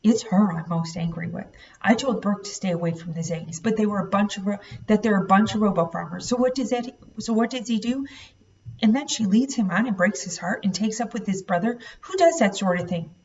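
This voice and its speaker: A woman's voice: medium pitch, brisk, a little mellow, close to an everyday voice. An angry, worn-out father from a storybook, as a woman reads him aloud. He speaks sternly and snaps at those around him. The recording sounds muffled and set back from the mic. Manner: stern, snapping. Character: angry, weary middle-aged father. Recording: dull, slightly distant recording.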